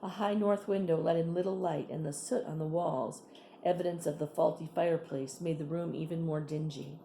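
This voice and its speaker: Brief: woman reading a chapter book aloud, low dark voice, unhurried with friendly asides. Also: steady tone, vocal fry, reverberant, slight background noise. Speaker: reader.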